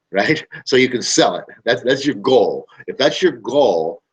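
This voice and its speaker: Low husky man, rambling host. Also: muffled recording. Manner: rambling, emphatic, repeats phrases. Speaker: show host. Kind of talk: casual talk to camera.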